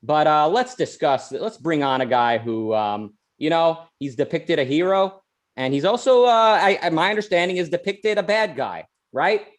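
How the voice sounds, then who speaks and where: A man's voice: fairly high pitch, sing-song, moderate pace. A man hosting a podcast, talking in a chatty, rambling way full of restarts and side tangents. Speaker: podcast host. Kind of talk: casual podcast chat.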